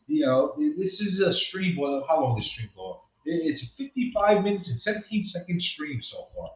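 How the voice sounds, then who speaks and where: A man's voice: on the high side, big pitch swings, normal speed, hardly any pauses. A man hosting an unscripted livestream, rambling and ranting and repeating himself as he goes. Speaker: livestream host. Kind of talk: unscripted live-stream monologue. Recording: tinny echoey phone-like sound.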